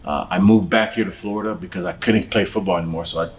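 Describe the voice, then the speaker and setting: A pastor telling his story in a casual church talk show, animated and laughing often. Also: deep voice, fast.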